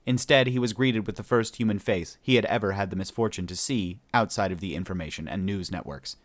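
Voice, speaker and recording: A man's voice: lowish voice, fairly quick, no room sound. A man narrating a sci-fi story as an audiobook reader, storytelling steadily and voicing each character.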